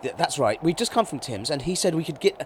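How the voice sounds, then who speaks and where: A man's voice: on the high side, big pitch swings, slight background noise. Hesitant man in a role-play. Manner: hesitant, stumbling, quick to laugh. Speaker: player. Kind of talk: improvised tabletop role-play.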